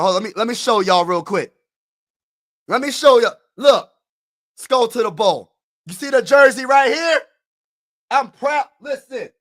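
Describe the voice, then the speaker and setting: High, bright-voiced excited fan. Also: male voice. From Pennsylvania. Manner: animated and emphatic, repeating phrases, sometimes shouting. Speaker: sports vlogger. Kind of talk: excited casual fan vlog.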